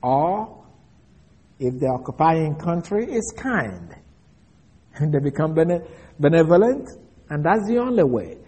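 A pastor preaching an expository sermon, slowing down and stressing key words as he explains a verse. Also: fairly high pitch, sing-song, mellow, husky. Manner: slow, deliberate emphasis on key words.

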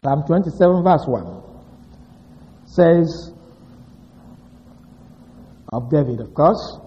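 A man's voice: mid-range voice, moderate pace, long pauses. A male pastor preaching a sermon, stressing single words emphatically. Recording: dull reverberant hall recording.

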